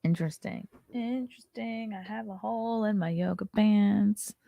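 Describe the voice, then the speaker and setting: A woman's voice: mid-range voice, steady tone, moderate pace, creaky, dark tone, no room sound. A woman hosting a casual morning livestream, chatting and reading headlines aloud with sarcastic asides, sometimes dropping to a whisper. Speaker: host of a morning livestream show.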